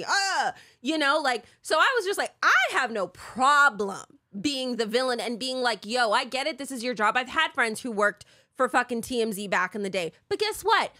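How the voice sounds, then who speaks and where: A woman's voice: high-pitched, moderate pace. A woman co-hosting a casual podcast, telling stories bluntly and with lots of profanity. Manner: blunt, profane, animated storytelling. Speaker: podcast co-host. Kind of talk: casual chat.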